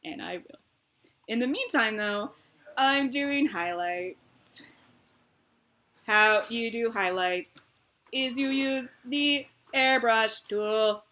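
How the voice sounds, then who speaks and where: A woman's voice: fairly high pitch, takes it slowly, long pauses. A woman co-hosting a live game stream, chatting casually and giggling while she draws. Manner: giggly, excitable. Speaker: stream co-host. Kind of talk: casual chat while drawing.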